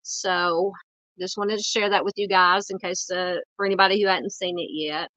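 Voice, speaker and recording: A woman's voice: on the low side, fairly even intonation, moderate pace, sharp tone, no room sound, poor audio. Southern woman hosting a casual true crime update. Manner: chatty, many fillers and restarts. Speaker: true crime channel host. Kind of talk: casual update on missing persons.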